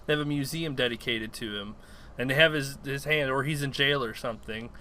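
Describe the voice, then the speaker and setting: A man co-hosting a gaming podcast, laying out his predictions in an easygoing way. His voice is bright and forward. Faint noise sits under the recording. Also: medium pitch, a little fast. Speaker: podcast co-host. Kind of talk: casual gaming chat.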